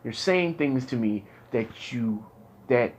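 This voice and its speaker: A man's voice: mid-range voice, expressive, slow pace, a little mellow. A young man talking candidly with his therapist, frustrated and profane, his voice climbing into anger as he vents. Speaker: patient in therapy.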